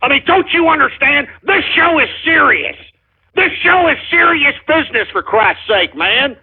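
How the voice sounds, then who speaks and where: An extremely high-pitched, animated man talks at normal speed. Hosting a call-in radio show, he angrily rants, curses listeners and shouts insults at trolls. The audio is tinny, like a phone call.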